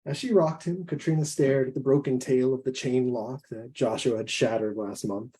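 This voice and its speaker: A man, a guest author, reading his own fiction aloud in a measured, deliberate way. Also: medium pitch, steady tone, mellow, husky.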